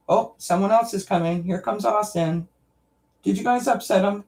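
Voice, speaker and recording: A woman hosting a live stream, telling a story in a chatty, animated way and laughing often. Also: fairly low pitch, moderate pace. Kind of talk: casual chat, storytelling. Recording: voice distant from the mic.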